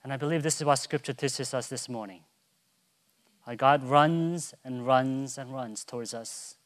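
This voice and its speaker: A man pastor preaching a sermon, moving from soft, hushed storytelling to loud, soaring proclamation and acting out a child's calls in a high voice. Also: a little slow.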